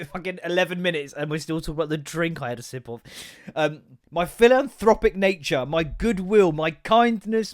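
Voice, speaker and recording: A young man hosting a solo podcast, rambling and self-deprecating, swearing freely. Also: fairly high pitch. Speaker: podcast host. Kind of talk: casual solo podcast chat.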